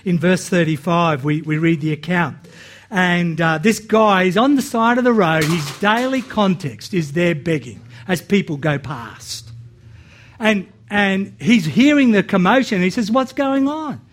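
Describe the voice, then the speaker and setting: A man's voice: high voice, lively intonation, unhurried, a little hiss or hum. A man preaching a sermon, earnest, often repeating words as he starts phrases and acting out the quotes he reads. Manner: acts out Bible quotes with rising and dropping voice.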